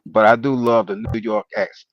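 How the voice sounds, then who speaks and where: A man chatting as a guest on a sports fan live stream, relaxed and hesitant. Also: fairly low pitch, moderate pace, lo-fi sound, a little hiss or hum. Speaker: guest, host's brother.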